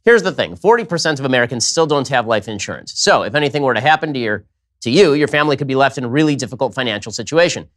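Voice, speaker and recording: A male host running an interview and reading an ad in a brisk, rapid-fire way. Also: mid-range voice, expressive, a bit bright. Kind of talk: interview hosting and read ad.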